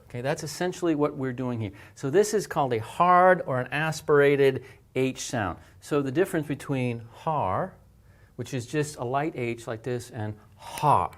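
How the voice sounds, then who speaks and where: A man in the middle of an alphabet lesson, explaining handwriting and sounds at an even pace. He goes step by step, patient and clear, and breathes the sounds out aloud to demonstrate them. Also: medium pitch. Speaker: language teacher.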